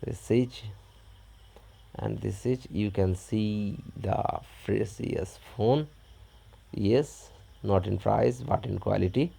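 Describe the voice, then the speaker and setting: A man narrating an unboxing step by step in a halting, plain way. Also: fairly low pitch, gravelly, mellow, slightly rough. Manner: halting, plain, describes each step as he does it. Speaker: unboxing vlogger.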